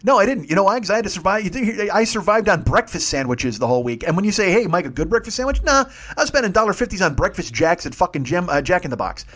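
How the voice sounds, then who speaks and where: A man's voice: high-pitched, sing-song, fast talker, hardly any pauses, fairly bright tone. A man, hosting a podcast and telling rambling, profane stories in a casual solo monologue. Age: 50s. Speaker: podcast host.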